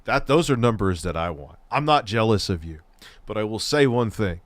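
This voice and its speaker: A man's voice: fairly low pitch, animated, normal speed, no room sound. A man hosting a casual reaction stream, profane and mocking. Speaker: host.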